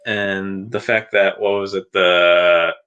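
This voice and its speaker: A man co-hosting a casual livestream chat about films and TV, rambling with frequent restarts and quick laughs. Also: low voice, level tone, bright, forceful tone, clean tone, lo-fi sound. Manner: rambling, restarts often, laughs between points. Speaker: podcast co-host.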